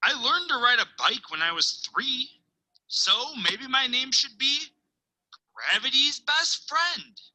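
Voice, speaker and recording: A woman teacher reading a picture book aloud, telling it expressively with dramatic pauses and hushed asides. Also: high voice, expressive, rough recording.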